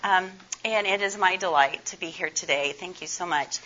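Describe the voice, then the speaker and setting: An older woman, hoarse and scratchy from laryngitis, giving a chatty conference presentation and asking the audience questions. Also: fairly low pitch, moderate pace, pushed and bright. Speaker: conference speaker. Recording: dull lo-fi recording.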